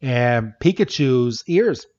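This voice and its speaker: A man's voice: medium pitch, expressive, slow, a little mellow. A man co-hosting a podcast, recapping a scene casually, chatty with frequent laughter and casual swearing. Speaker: podcast co-host. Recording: dull lo-fi podcast audio.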